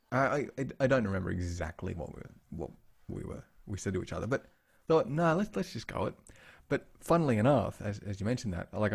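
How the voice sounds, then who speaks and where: A man's voice: low voice, vocal fry, husky. A man co-hosting a podcast in casual chat, telling family stories and acting out the people he quotes. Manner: animated storytelling, acting out quoted voices. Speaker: podcast co-host.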